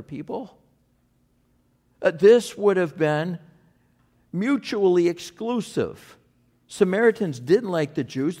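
A man preaching a sermon, animated, rising and dropping sharply for emphasis. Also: fairly high pitch. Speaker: pastor.

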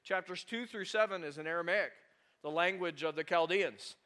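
A male pastor preaching a conversational sermon, animated and full of rhetorical questions to the congregation. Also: high-pitched, normal speed.

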